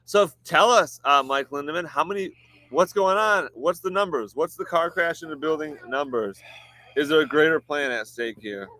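A man's voice: a little high, moderate pace, bright, forceful tone, no echo. A man co-hosting a podcast, chatting casually and goofily, laughing and reading out listener comments. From Michigan. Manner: goofy, laughing, reads chat comments aloud. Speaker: podcast co-host.

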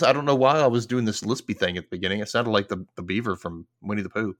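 A man's voice: on the low side, fast, few pauses, a bit bright, dry recording, clean studio sound. A man hosting a TV rewatch podcast, chatting casually and recapping with playful jokes and frequent laughs. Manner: playful, jokey, laughs often. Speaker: podcast host. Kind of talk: casual chat and episode recap.

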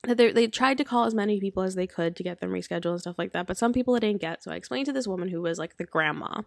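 A woman's voice: mid-range voice, rapid-fire, vocal fry, no room sound, studio quality. A young woman chatting casually, telling stories and acting out what people said, laughing often. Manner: storytelling, acts out quotes, laughs often. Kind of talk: casual chat.

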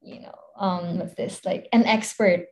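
A woman's voice: on the low side, fairly even intonation, measured pace, a little mellow, slight background noise. Giggly Filipino woman, rambling chat. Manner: rambling, many fillers, giggly. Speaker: content creator guest. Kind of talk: casual interview chat.

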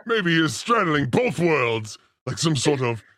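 A man's voice: fairly high pitch, sing-song, unhurried, a bit bright, no room sound, clean studio sound. A man co-hosting a livestream, teasing his co-host with mock outrage in casual banter. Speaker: co-host of a streamed show.

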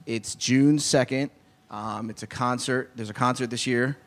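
A male guest at an ordinary mid pitch who speaks in a relaxed, easygoing way. He pauses on fillers as he explains things, unhurried and casual. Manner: laid-back, with lots of fillers. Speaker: guest promoting a charity event. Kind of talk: casual chat.

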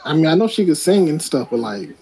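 A man's voice: on the high side, sing-song, fast talker, a crowd in the background, rough recording. A man in a casual podcast chat, rambling as he gives his opinions.

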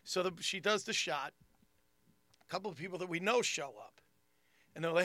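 A middle-aged man spins stories in casual chat, animated and quick to laugh. His voice sits high with a gravelly edge and a bright tone. The sound is close and dry. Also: no echo. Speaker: comedian.

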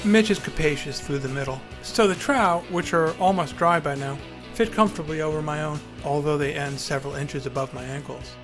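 A man's voice: on the high side, brisk, over music. A man telling a first-person story with acted dialogue in a dry, wry, articulate way, and hosting his podcast.

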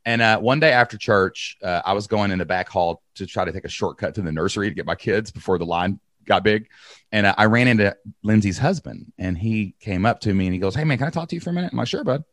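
A man, telling energetic stories in an interview and acting out quotes. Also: fairly low pitch, fairly quick, dry recording, clean studio sound. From Kentucky. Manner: energetic, repeats words, acts out quotes. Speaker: podcast host and guest. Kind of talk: animated storytelling interview.

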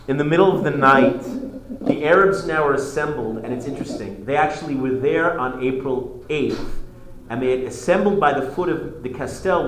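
A male history teacher lecturing a class, telling the story in an animated way with many restarts. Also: fairly high pitch. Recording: echoey classroom with faint noise.

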